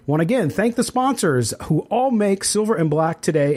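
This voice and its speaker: A man's voice: high voice, animated, a little mellow, slight background noise. A middle-aged man hosting a sports podcast, reading sponsor spots and chatting casually with frequent fillers. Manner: conversational, quick sponsor reads with fillers. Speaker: podcast host.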